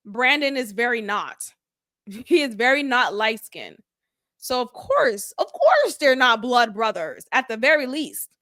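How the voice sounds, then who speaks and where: A woman's voice: on the high side, big pitch swings, a little slow, pushed and bright, dry recording, clean studio sound. A woman hosting a casual reality show recap, candid, opinionated and chatty. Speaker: show review host.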